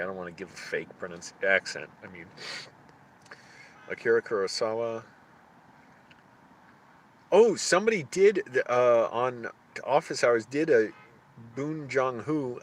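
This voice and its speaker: A man streaming live, thinking aloud in casual chat, halting often as he searches for names. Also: mid-range voice, a little hiss or hum.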